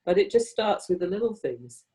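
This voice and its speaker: A woman's voice: lowish voice, sing-song, fairly quick, dark tone, rough recording. Older lady on a video call, blunt and chatty, wanders off topic, cusses casually. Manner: frank, rambling, swears freely. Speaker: interview guest.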